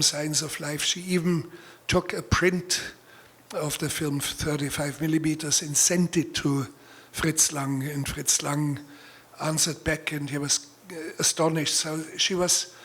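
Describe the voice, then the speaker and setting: A man with a German accent, a native German speaker, speaking in a measured, deliberate way as a guest author giving a talk and reading. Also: fairly high pitch, fairly bright tone. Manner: measured, deliberate speech with pauses and fillers.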